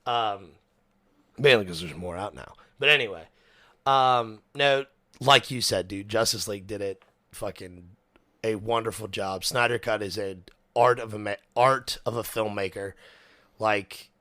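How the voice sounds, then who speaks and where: A young man hosting a casual podcast chat, animated, with lots of fillers, restarts and swearing. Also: fairly low pitch, a little slow, no echo. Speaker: podcast host.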